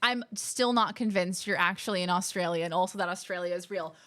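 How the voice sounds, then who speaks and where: A woman's voice: on the low side, fairly quick, hardly any pauses, fairly bright tone. An American woman chatting playfully with viewers on a live stream, now and then slipping into mock accents. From United States. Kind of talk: casual live-stream chat.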